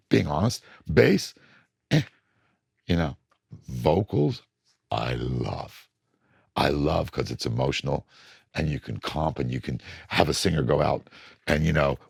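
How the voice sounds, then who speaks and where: A middle-aged record producer being interviewed, telling blunt studio stories and acting out moments from sessions. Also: male voice, very deep voice, creaky, slightly rough, no echo. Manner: animated, blunt storytelling that acts out studio moments.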